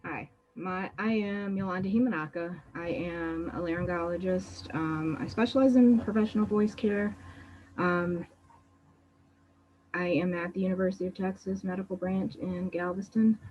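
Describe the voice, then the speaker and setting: A woman laryngologist starting an online medical presentation in a measured, organized way. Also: lowish voice, fairly even intonation, a little mellow, a little hiss or hum. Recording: slightly dull, lo-fi audio.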